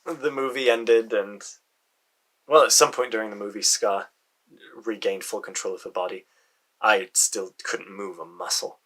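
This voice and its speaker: A man with a low, husky voice that still has a bright, forceful edge. He tells his story casually and haltingly, pausing to sigh and restarting his sentences. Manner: halting, with frequent sighs and restarts. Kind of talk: casual first-person storytelling.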